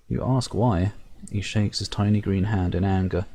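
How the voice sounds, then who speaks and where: A man's voice: sits low, fairly even intonation, normal speed, warm tone. A man playing a fantasy game, reading its narration aloud with wry asides. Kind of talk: let's-play commentary reading game text.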